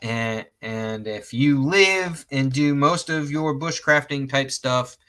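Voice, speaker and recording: A man's voice: medium pitch, slow pace, a bit bright. A man from Georgia, hosting a casual gear review in a rambling, self-correcting way, laughing at his own jokes and cursing mildly. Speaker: host reviewing outdoor knives.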